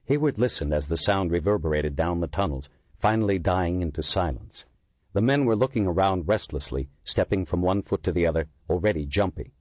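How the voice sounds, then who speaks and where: A male narrator with a very deep, husky voice reads a thriller audiobook with an animated, rising and falling delivery. The recording is close and completely dry. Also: a little fast, dry recording, dull audio. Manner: dramatic storytelling.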